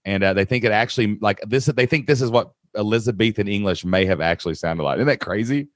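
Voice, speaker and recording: Kentucky mountain-accented man, energetic and folksy podcast host, dry close sound. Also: on the low side, fast talker, no room sound. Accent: Appalachian Kentucky mountain accent. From Southeast Kentucky. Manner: upbeat, folksy, chatty. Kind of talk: casual podcast conversation.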